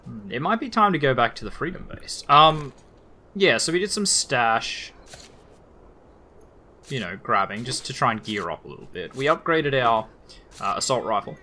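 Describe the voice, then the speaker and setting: A man's voice: mid-range voice, lively intonation, moderate pace, long pauses, bright, forceful tone, a little hiss or hum. A man with an Australian accent giving casual, rambling, lightly profane commentary while playing a video game. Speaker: let's play gamer.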